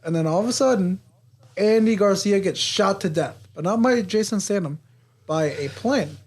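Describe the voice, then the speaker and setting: A man's voice: high-pitched, normal speed, a little mellow, husky. A man co-hosting a podcast, casually recapping a movie plot in a rambling way, swearing and laughing. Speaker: podcast co-host. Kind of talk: casual movie review chat.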